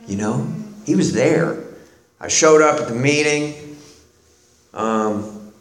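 A middle-aged man, a guest on the show, telling a personal story in a halting way, with many restarts and quiet pauses. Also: medium pitch, animated. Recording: roomy echo.

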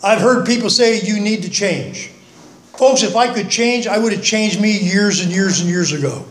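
A man's voice: high voice, expressive, normal speed. An older man giving a folksy, earnest talk at a recovery meeting, with self-mocking humor. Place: meeting room, speaking from the front. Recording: echoey meeting room.

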